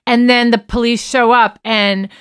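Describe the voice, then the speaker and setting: A woman's voice: on the high side, level tone, measured pace, fairly bright tone, clear, resonant tone, no room sound, clean studio sound. A woman co-hosting a casual true-crime podcast, animatedly retelling events with restarts and quoting texts in a raised voice. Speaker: podcast co-host.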